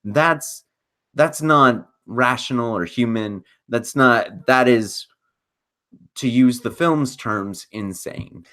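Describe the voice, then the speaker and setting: A man on a podcast panel talking thoughtfully, halting with many fillers and now and then sarcastic. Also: mid-range voice, sharp tone. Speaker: podcast co-host. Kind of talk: casual roundtable discussion.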